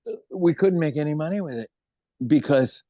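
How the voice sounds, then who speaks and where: Older american guy telling a story, does the voices, swears a lot, voice on the higher side, dry recording. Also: moderate pace, dry recording. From United States. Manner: animated storyteller acting out quoted voices, swears freely. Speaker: interview guest. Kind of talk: casual anecdote telling.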